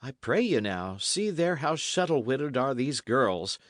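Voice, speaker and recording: A man's voice: medium pitch, very animated, unhurried, no echo, studio quality, voice pushed up. A man playing a bold, hearty young squire. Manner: loud, hearty, forthright.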